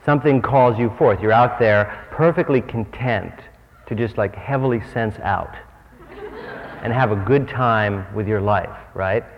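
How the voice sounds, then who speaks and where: A man's voice: lowish voice, a little slow, in a large hall, dull audio. A man giving a humorous spiritual talk to a live audience on stage, joking and self-mocking with lots of conversational asides. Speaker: spiritual teacher. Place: stage in a large hall.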